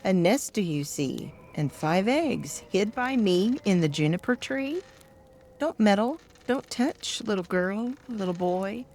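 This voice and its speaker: A woman's voice: medium pitch, a little mellow, a little hiss or hum. An older woman voicing a cheerful little brown thrush bird in a sing-song lilt, reading a storybook poem.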